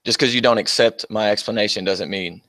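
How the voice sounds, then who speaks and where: Speaking into a close, dry mic, a young livestream host with a low, fairly bright voice talks a little fast on his own stream. He answers chat with combative, profane mockery and laughs frequently, keeping things loose and casual as he jabs at viewers.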